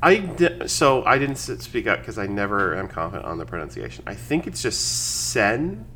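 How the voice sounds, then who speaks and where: A man's voice: lowish voice, big pitch swings, a little fast, pushed and bright, a little hiss or hum. A man co-hosting a casual podcast chat, dry and matter-of-fact, a little unsure at times. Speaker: podcast co-host.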